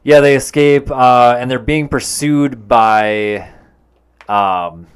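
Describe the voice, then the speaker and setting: A man co-hosting a podcast, recapping a film in casual chat, unhurried and full of fillers and hesitations. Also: medium pitch, clear, resonant tone. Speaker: podcast co-host.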